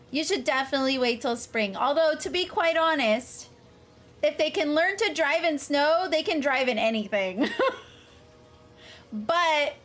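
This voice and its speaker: A woman streamer chatting casually with her live chat, laughing often and talking to viewers by name. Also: sits high. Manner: giggly, frequent laughter, chatty asides to chat.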